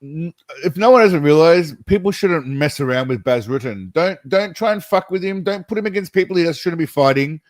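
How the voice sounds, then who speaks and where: A man's voice: fairly high pitch, animated, moderate pace, no echo. A man hosting a casual livestream chat, rambling with lots of laughter and calling viewers mate and brother. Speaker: livestream host.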